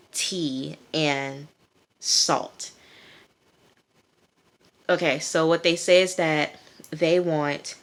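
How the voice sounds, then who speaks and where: A woman casually recapping a TV episode, chatty with many fillers, talking straight to her viewers. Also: sits low. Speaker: TV episode reviewer.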